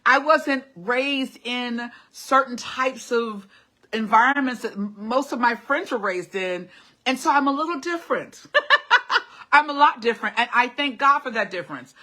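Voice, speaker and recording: Bright-voiced woman giving a pep talk. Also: on the high side, animated, unhurried. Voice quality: classically trained singer. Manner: encouraging, repeats short commands, laughs often. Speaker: host of a live motivational stream. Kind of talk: casual motivational talk reading live comments.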